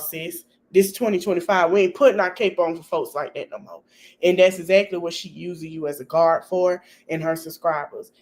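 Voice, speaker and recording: A woman speaking talks straight to her livestream viewers. She scolds and repeats herself for emphasis, her blunt advice laced with swearing. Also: lowish voice. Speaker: livestream host. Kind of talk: casual livestream commentary.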